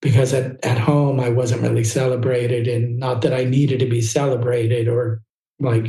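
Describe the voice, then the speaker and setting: Candid storytelling man, mellow voice. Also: mid-range voice, level tone, moderate pace, roomy sound, low-quality recording. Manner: candid, rambling, filler-heavy storytelling. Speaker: podcast guest, photographer. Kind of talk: casual storytelling interview.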